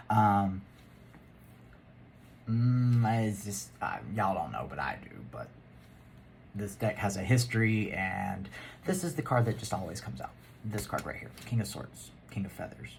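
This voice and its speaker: A man's voice: deep voice, gravelly, a little hiss or hum. A man giving a rambling, casual tarot reading, laughing and muttering asides to himself. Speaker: tarot reader.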